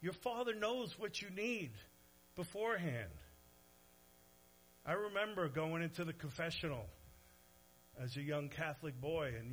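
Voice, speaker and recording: Animated male preacher, swinging loud and soft. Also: a little high, slight background noise, low-quality recording. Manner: conversational asides to the audience. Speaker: pastor. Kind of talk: sermon.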